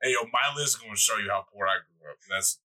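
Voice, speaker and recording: A man's voice: lowish voice, fast talker, pushed and bright, rough recording. A young man co-hosting a podcast in casual chat, joking, swearing freely and laughing often. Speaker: podcast co-host.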